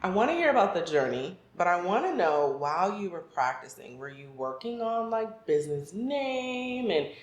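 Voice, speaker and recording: A woman with a low voice hosts a casual interview, chiming in with steady little affirmations. Her voice carries a noticeable room echo. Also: normal speed, hardly any pauses, muffled recording. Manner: affirming, frequent backchannels. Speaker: interviewer and microblading trainer.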